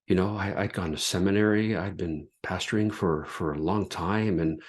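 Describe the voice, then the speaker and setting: A man's voice: sits low, moderate pace, hardly any pauses, slightly rough. A middle-aged man, hosting a podcast and telling his personal story in an earnest, reflective way with frequent restarts. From Canada. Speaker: podcast host and former pastor.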